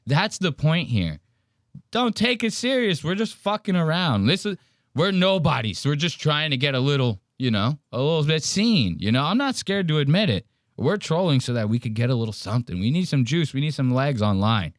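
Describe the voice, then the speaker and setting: A man's voice: on the high side, sing-song, normal speed, dry recording, studio quality. A man hosting a casual podcast, telling a story in a profane, mocking way. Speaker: podcast host.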